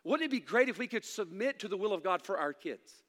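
A middle-aged man preaching a sermon as pastor, swinging from loud emphatic lines to hushed asides, with folksy humor. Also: high-pitched, big pitch swings, fairly quick. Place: church sanctuary. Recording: long hall reverb.

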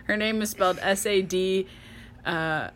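A woman talking casually on a podcast, rambling a little and dropping dry, sarcastic asides, often laughing through her words. Her pitch sits in the middle of the range. A faint hiss of noise runs under the recording. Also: measured pace, fairly bright tone. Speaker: podcast co-host. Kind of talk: casual chat.

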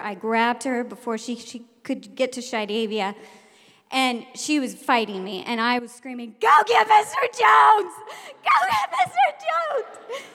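A woman, a teacher, telling a personal story live on stage, animated and laughing, acting out the shouted lines. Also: a little high. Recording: long hall reverb.

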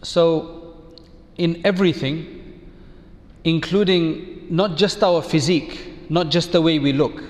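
A man giving a measured, reflective sermon as an Islamic preacher, using rhetorical questions. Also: on the high side, darkish tone, big-room sound.

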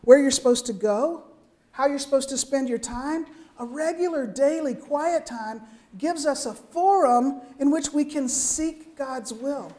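An older woman preaching a sermon in a conversational, lively way, often checking in with her listeners with quick asides. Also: high voice.

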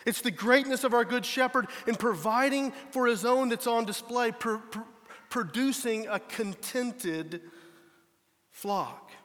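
A pastor with an extremely high, somewhat bright voice preaches unhurriedly, earnest and emphatic, frequently restarting his phrases. The recording carries a long hall reverb.

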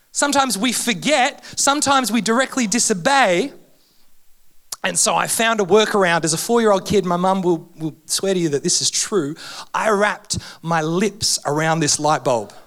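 A man delivers a sermon in a church. His voice sits fairly high for a man and keeps jumping up and dropping low as he preaches. He mixes humour with heartfelt moments. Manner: animated, humorous, emotional preaching with big pitch swings. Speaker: guest preacher. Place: church hall.

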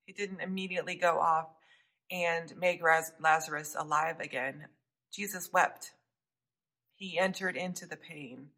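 Bright-toned woman preaching a sermon. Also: sits low, creaky, rough recording. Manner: earnest, dropping to soft hushed tones for emphasis.

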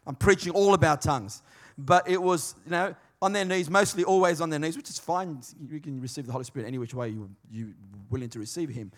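A man preaching a sermon in a conversational, emphatic way, swinging between quiet and loud. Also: a little high, quick pace. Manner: conversational, emphatic, varied dynamics.

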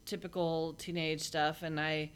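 A woman with a low voice talks casually as an interview guest. She recounts her story bluntly and plainly, with frequent halting restarts and fillers. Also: flat delivery, clean tone. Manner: blunt, matter-of-fact.

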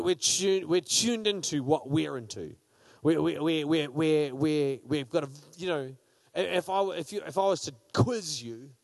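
Upbeat high-voiced New man. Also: vocal fry, no echo. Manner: energetic, playful, polls the audience. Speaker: speaker at a church gathering. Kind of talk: lively talk to a crowd.

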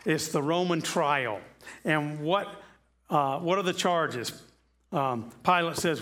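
Pastor, male, voice on the higher side, delivers a relaxed, chatty sermon full of rhetorical questions. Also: takes it slowly. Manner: chatty, asks rhetorical questions, repeats himself. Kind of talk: conversational sermon. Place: church sanctuary.

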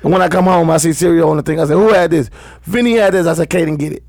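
A man with a high, gravelly voice, speaking. He bluntly re-enacts arguments in casual chat, and the sound is close and dry. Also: very fast, a little mellow, no room sound. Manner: blunt storyteller, re-enacts arguments with his sons.

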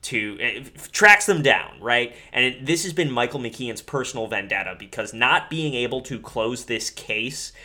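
Lively, bright-voiced profane man chatting. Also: medium pitch, moderate pace, hardly any pauses. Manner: blunt and profane, laughing often. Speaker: podcast co-host. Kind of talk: casual movie review chat.

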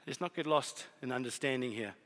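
A man preaching a sermon, telling a story with lively swings from loud to hushed. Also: mid-range voice, brisk. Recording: long hall reverb.

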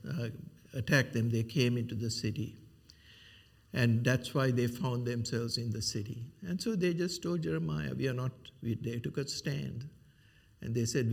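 A man's voice: mid-range voice, darkish tone. A man preaching a sermon, retelling a Bible story with rhetorical questions and frequent fillers.

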